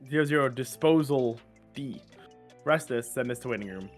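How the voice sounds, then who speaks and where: A man co-hosting a card game review show, quickly reading out card text and then giving blunt opinions in casual chat. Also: mid-range voice, soft background music. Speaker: co-host reviewing cards.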